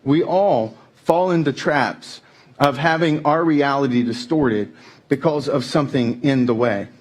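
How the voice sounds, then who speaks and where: A male pastor delivering a sermon at a church service, telling stories in an animated, playful way. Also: medium pitch, unhurried.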